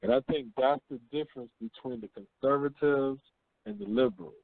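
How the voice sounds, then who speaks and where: A man's voice: medium pitch, very animated, brisk, creaky, dry recording. Man talking slangy over a tinny line. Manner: blunt, slangy storytelling, often asks "you see what I'm saying?". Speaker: radio show host. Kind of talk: call-in internet radio talk.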